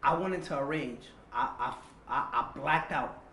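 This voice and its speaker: A young man telling a personal story as a guest, animated and full of slang, acting out what others said. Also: mid-range voice, moderate pace, creaky, a little hiss or hum. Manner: animated, acts out quoted dialogue, street slang. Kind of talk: confessional storytelling. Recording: roomy echo.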